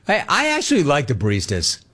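An older man hosts a call-in radio show and rants with comic exasperation. His pitch swings widely as he mocks people, and he keeps the talk loose and conversational. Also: brisk, breathy edge. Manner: animated rant with mocking voices. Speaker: sports radio host.

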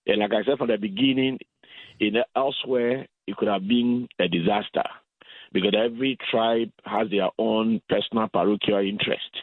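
Deep-voiced man from Ghana on a phone line. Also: fairly even intonation, no echo. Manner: measured, explanatory, repeats words. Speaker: guest. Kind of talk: interview over the phone.

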